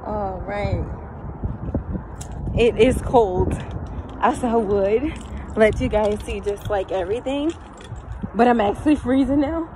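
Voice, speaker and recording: A young woman vlogging casually outdoors, chatty and excitable, talking straight to her viewers on a handheld phone. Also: medium pitch, a little slow, long pauses, background noise. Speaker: lifestyle vlogger. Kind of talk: casual vlog tour. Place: outdoors, rooftop and parking area.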